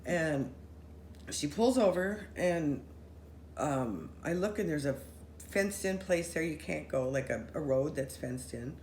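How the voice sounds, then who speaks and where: A woman telling a story in casual chat with friends, animated, running her sentences together and acting out what people said. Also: deep voice, unhurried. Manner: animated, acts out quoted voices, run-on sentences. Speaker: storyteller recounting a paranormal experience. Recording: roomy echo with faint noise.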